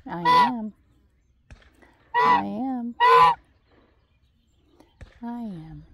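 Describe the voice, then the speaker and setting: A woman on her farm garden, talking to her geese in a coaxing, gently scolding way while filming on a handheld phone. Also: medium pitch, sing-song, measured pace, vocal fry, long pauses. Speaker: farm vlogger. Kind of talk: casual talk to animals while filming. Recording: loud outdoor noise, geese honking. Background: geese honking.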